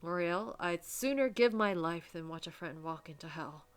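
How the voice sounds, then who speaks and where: Woman reading loyal giant bodyguard man, low voice, steady and earnest, visual novel. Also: moderate pace, clear, resonant tone, natural voice. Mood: resolute. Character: wounded giant male guard, loyal and protective.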